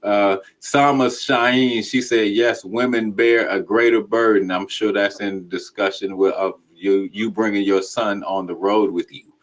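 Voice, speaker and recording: A man's voice: on the low side, a little slow, hardly any pauses. A man hosting a casual livestream podcast, chatting loosely and reading out viewer comments. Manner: relaxed, chatty, apologetic asides. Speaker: podcast host.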